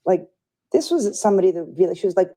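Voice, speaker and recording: A woman's voice: lowish voice, animated, fast talker, warm tone. A woman telling a personal story in a casual interview, chatty and full of fillers. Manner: chatty, filler-heavy, acts out quoted voices. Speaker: friend recounting events.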